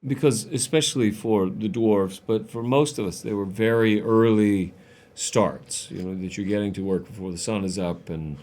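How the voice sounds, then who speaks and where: A man's voice: fairly low pitch, moderate pace, darkish tone. A man speaking as an actor in a press interview, telling a story in an earnest, reflective way. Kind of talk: casual press-junket chat.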